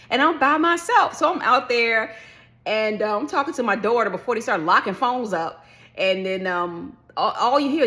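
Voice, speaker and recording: Chatty woman vlogger, expressive storytelling. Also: fairly high pitch. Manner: animated storytelling, acts out her own past reactions. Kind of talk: casual chat.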